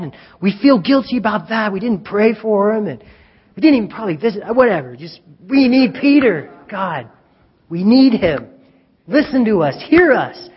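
Guy putting on frantic praying church folks, pleading, husky, echoey dull hall. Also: sits high. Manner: pleading, urgent. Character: frantic praying early church believers, mixed group.

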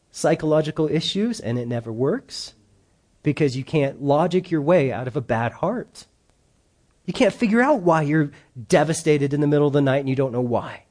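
Animated male pastor preaching. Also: a little high. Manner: animated, acts out quoted voices. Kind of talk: sermon.

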